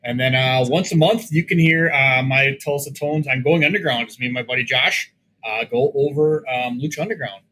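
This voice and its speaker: A man's voice: mid-range voice, moderate pace, bright, forceful tone, poor audio. A man appearing as a guest on a podcast, chatting casually with many fillers. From American Midwest. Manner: rambling, filler-heavy talk. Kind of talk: casual chat.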